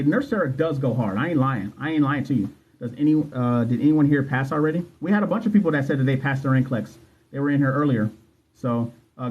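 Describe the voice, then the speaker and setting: A man's voice: mid-range voice, husky, lo-fi sound. A man hosting a casual livestream as a nursing exam coach, reading viewer comments aloud in a chatty, loose way and repeating himself. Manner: chatty, loose, repeats phrases, slangy asides.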